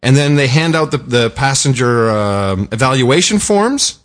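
A man's voice: mid-range voice, lively intonation, a little slow. A man co-hosting a talk podcast, telling stories in a joking, casual way with frequent laughs. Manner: joking, storytelling, laughs often. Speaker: podcast co-host. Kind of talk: casual chat.

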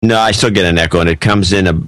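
A man's voice: sits low, steady tone, rapid-fire, a bit bright, dry recording, rough recording. Man, podcast co-host, casual chat, matter-of-fact, dry close sound. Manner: matter-of-fact, reads listener donations aloud.

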